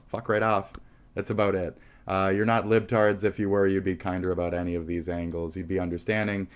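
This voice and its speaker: A man streaming live, delivering a profane, rambling, combative rant at his viewers. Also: low voice. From United States.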